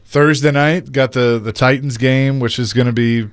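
A man's voice: medium pitch, steady tone, normal speed, clean tone. A man co-hosting a sports radio show, easygoing and agreeable as he moves the segment along. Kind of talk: casual sports talk. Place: radio studio.

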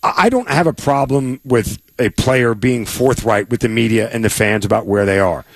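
A man co-hosting a sports talk radio show, giving his opinions in a relaxed, conversational way with frequent fillers and restarts. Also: mid-range voice, normal speed, gravelly, dry recording. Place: radio studio.

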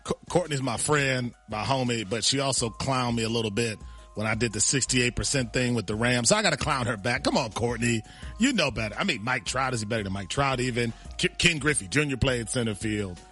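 A laid-back sports radio co-host with a bright tone. He talks in a relaxed, self-deprecating way. Faint music plays behind him. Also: mid-range voice, brisk. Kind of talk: casual radio chat.

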